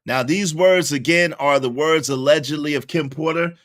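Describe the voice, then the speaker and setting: Male livestream host, loose and slangy, speaks straight to his viewers, voice bright and high. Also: moderate pace. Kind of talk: casual livestream chat.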